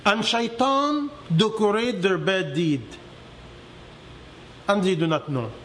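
Preaching in simple English that isn't his first language, a high-voiced religious teacher shifts dramatically from lifted, emphatic moments to low, weighty ones. He speaks slowly with a slightly bright sound, over a faint background hiss.

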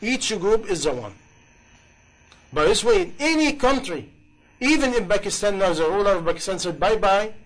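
A man's voice: high-pitched, very animated, normal speed, pauses often, a bit bright, rough recording. A man preaching a sermon in passionate, English, with many rhetorical questions. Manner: impassioned, rhetorical questions, non-native grammar.

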